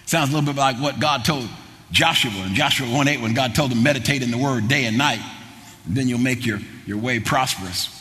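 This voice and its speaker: A middle-aged man preaching a sermon, building into fervent shouting with repeated phrases. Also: medium pitch, fairly quick. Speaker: pastor. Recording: long hall reverb with faint noise.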